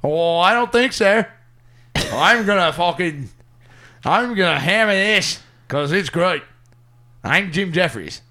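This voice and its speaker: A man doing a mock Australian accent as a brash, swearing male comedian, loud and cocky. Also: high-pitched, lively intonation, takes it slowly, pauses often, exaggerated voice.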